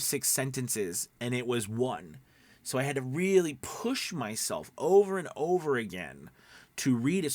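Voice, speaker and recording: A man's voice: medium pitch, dry recording. A man teaching voice acting in a casual, rambling spoken lesson full of fillers and restarts. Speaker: voice acting coach.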